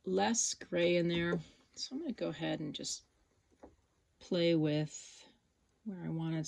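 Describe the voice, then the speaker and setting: A woman teaching an embroidery project, relaxed and thinking aloud as she works step by step. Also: on the low side, creaky. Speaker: sewing instructor. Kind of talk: casual step-by-step tutorial.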